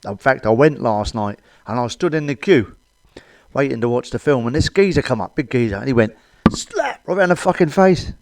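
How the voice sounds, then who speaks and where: A man's voice: mid-range voice, expressive, normal speed. A middle-aged British man doing a crude stand-up comedy monologue, blunt and cheeky, swearing often. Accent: British English.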